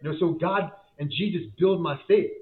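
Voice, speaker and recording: A guest who runs a business gives a heartfelt faith testimony, telling his story in loose slang with lots of repetition and false starts. His pitch is fairly high and his pace moderate, heard through a tinny, phone-like recording.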